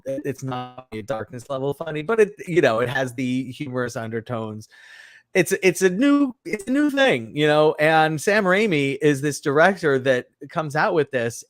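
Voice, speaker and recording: A man co-hosting a podcast, chatting casually about a movie in a rambling, animated way full of fillers and restarts. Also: medium pitch, no room sound, studio quality. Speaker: podcast co-host. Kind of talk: casual film review chat.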